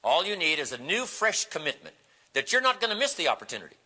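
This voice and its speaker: A man delivers a motivational seminar talk with a piercingly bright tone. He tells stories with animation and slips into the voices of the people in them. The recording carries a long hall reverb. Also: fairly high pitch, fast talker. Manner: animated storytelling, acting out quoted voices. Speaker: motivational speaker. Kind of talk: seminar storytelling speech.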